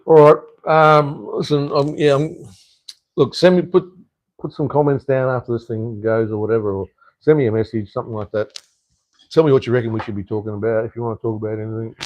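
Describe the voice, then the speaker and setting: Chatting on his live stream, a middle-aged man speaks briskly in a steady, somewhat mellow medium-pitched voice, with no echo. He rambles along, swearing freely, with plenty of ums and restarts.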